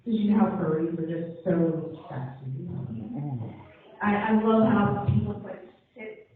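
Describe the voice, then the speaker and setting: A woman's voice: on the low side, measured pace, distant mic. Woman doing stand-up, echoey and tinny. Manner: chatty storytelling, acts out the people in her story. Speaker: stand-up comedian. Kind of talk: live stand-up set. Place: live comedy venue.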